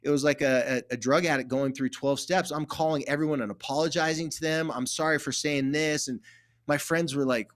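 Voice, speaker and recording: A man's voice: fairly high pitch, brisk. A middle-aged man, a therapist guest, telling stories in casual conversation and acting out quoted dialogue. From California. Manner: animated, acts out quoted dialogue.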